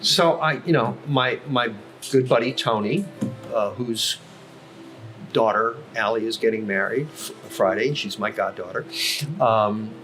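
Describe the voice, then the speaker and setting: An older man's fairly low, bright-toned voice moves a little slowly as he tells long career stories as a podcast guest. The setting is a coffee house with music playing, and he leans on fillers and frequent self-corrections.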